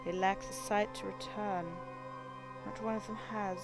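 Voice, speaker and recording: A woman reading the lines of a tormented older woman, a haunted witness, slow and grave in her own voice. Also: medium pitch, flat delivery, creaky, music in the background. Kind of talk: reading game dialogue aloud.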